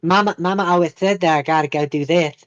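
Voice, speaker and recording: A man's voice: on the high side, fast, smooth, muffled recording, close to an everyday voice. A man putting on the voice of a dim-witted, lisping young Southern waterboy, in a goofy drawl. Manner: goofy put-on drawl, hollering.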